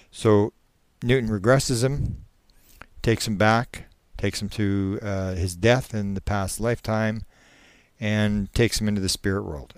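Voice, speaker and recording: A man giving a spoken lecture, retelling a case in a halting storytelling manner. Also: on the low side, no room sound. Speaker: speaker recounting a case.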